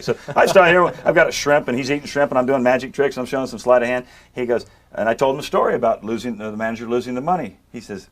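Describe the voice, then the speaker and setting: A man's voice: medium pitch, rapid-fire. An older man, a magician, telling comic stories in a chat-show interview, doing voices for the people he quotes. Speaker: magician guest. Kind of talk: storytelling interview.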